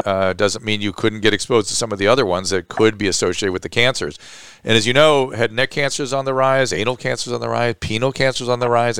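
A man with a low, smooth, resonant voice hosts a live call-in show as a physician. He talks loosely and conversationally, with fillers and restarts. The sound is dry and close. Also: no echo. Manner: relaxed, chatty, many fillers and restarts. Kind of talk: casual live call-in talk.

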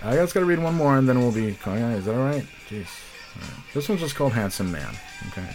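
A man's voice: mid-range voice, very animated, fast, over music. A man hosting a comedy podcast, joking around in loose, profane casual chat. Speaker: podcast host.

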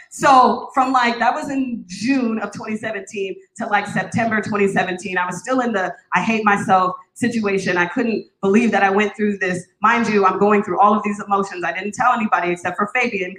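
A woman's voice: mid-range voice, a bit bright. Woman giving testimony in echoey church. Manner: candid, joking, conversational. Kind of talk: personal testimony talk.

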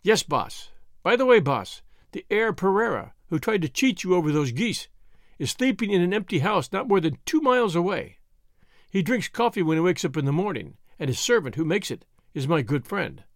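A man's voice: high voice, sing-song, normal speed, no room sound, clean studio sound. A man reading an audiobook, voicing a sly, scheming male servant who speaks in a wheedling, conspiratorial way.

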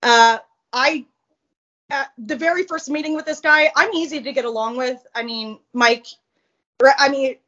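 A woman with a high voice tells a personal story in a casual interview. She is blunt and profane, with plenty of animation. The recording sounds a little muffled. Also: normal speed, pushed and bright. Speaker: interview guest.

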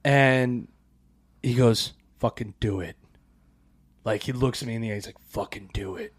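A man's voice: mid-range voice, normal speed, husky. A man co-hosting a podcast, telling a story in casual chat, acting out voices, swearing and laughing often. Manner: animated, acts out quoted voices, swears a lot, laughs often. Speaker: podcast co-host.

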